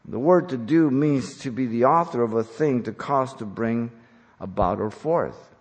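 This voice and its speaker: A man preaching an expository sermon as a pastor, emphatic and deliberate, slowing down on key phrases. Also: medium pitch, husky. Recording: long hall reverb.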